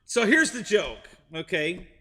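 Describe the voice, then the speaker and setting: A man's voice: high voice, very animated, a little slow, sharp tone, husky, long reverb tail. A middle-aged man hosting a live stream, rambling through a joke with restarts and chuckles while chatting with viewers. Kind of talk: casual chat with live chat viewers.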